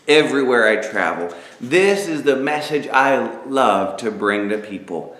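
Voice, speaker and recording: A man narrating an inspirational story aloud, dramatic and lively, with spoken sound effects. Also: mid-range voice, measured pace, few pauses. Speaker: author and narrator. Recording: echoey room.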